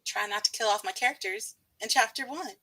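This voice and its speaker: Bright-voiced giggly Texan woman. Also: on the high side, fairly quick, husky. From Texas. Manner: giggly, chatty, frequent laughter. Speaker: livestream host. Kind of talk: casual live-stream chat.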